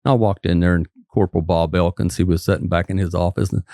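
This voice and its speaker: A man's voice: sits low, fairly even intonation, fast talker, mellow, no room sound, studio quality. An older man from West Virginia, a former trooper turned physician, telling folksy stories as a guest and acting out the quotes. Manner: folksy anecdote teller, acts out quotes. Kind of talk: casual storytelling interview.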